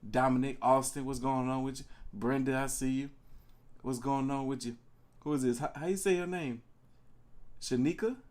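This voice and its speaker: A young man hosting a casual live stream, greeting viewers by name in an animated way. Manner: animated, greets viewers by name, pitch jumps on excited words. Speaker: live-stream reaction host.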